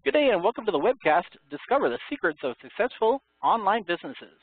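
Male webcast moderator, formal announcer, bright lively voice, tinny phone sound. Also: high-pitched, quick pace, husky, dry recording. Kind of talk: formal introduction. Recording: dry, tinny phone-line audio.

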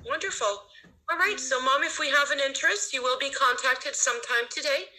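A woman running a video call audition, brisk and upbeat, calling the child "honey". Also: high voice, bright, forceful tone, rough recording. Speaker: casting interviewer.

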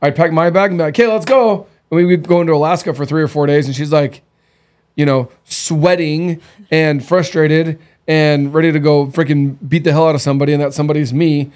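A man in his thirties hosts a podcast, speaking fairly quickly in a fairly high, slightly mellow voice with little pitch movement. In a casual chat, he tells blunt, candid stories with quoted dialogue.

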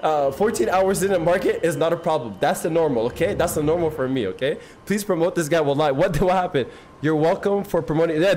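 Excitable young-sounding male gaming streamer. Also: a little high. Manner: excitable, slangy, thanks viewers constantly. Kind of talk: casual live-stream chat while gaming.

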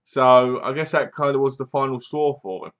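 A man's voice: mid-range voice, animated, moderate pace, fairly bright tone, muffled recording. A young man chattily retelling a film's plot in a casual review, leaning on fillers like "basically". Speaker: film reviewer. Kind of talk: casual spoken movie review.

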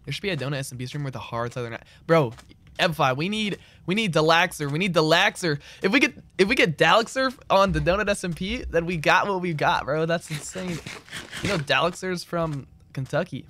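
A man's voice: fairly high pitch, expressive, fairly quick, bright, forceful tone. Slangy gamer guy streaming live. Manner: loose, slangy, rambling, answers chat. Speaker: game streamer. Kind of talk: casual live-stream chat. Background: keyboard clicks and typing.

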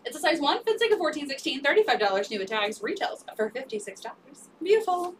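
A woman's voice: sits high, sing-song, fast, recorded from a distance, slight background noise. A woman selling secondhand clothes on a live stream, upbeat and repeating sizes, prices and item numbers. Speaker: resale live-stream seller. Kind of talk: live sales pitch.

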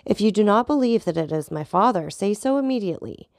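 A woman voicing a proud, hot-tempered young nobleman who makes urgent, insistent demands, in a gravelly voice on a dry recording. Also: medium pitch, expressive, quick pace, darkish tone, dry recording, close to an everyday voice. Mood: indignant.

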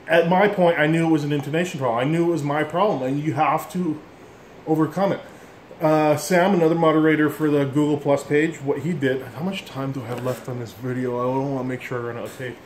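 Over a faint hiss or hum, a middle-aged instrument teacher with a slightly high voice rambles bluntly through a relaxed music lesson. He calls himself an ass for going on like that. The room is echoey, and an instrument can be heard playing.

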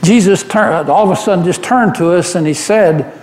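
With a high voice at a moderate pace and light acting, a man portrays the apostle Peter, an earnest, devoted fisherman telling his memories in first person during a church service. The mood is reverent, and he's an earnest, animated storyteller given to restarts, recorded with roomy echo in the sanctuary.

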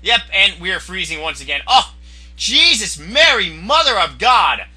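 A young man giving crude, excitable commentary over his own online gameplay, often yelling at opponents. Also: high voice, moderate pace, husky. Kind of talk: profane live gameplay commentary.

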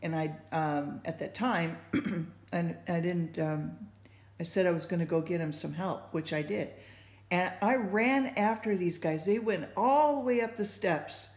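A woman's voice: on the low side, unhurried, a little mellow. A woman sharing her faith thoughts in casual, rambling talk, full of fillers and restarts. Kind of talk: casual spoken reflection. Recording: echoey room.

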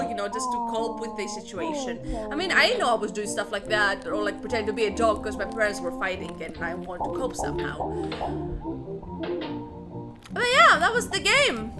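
A young woman hosting a gaming channel, giving expressive let's play commentary and panicking loudly at the scares. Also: fairly high pitch. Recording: game music behind the voice.

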